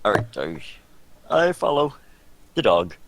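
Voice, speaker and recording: A man's voice: a little slow, vocal fry, no room sound, poor audio. A man playing a tabletop game, talking in a playful way. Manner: playful, lively swings of pitch. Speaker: player.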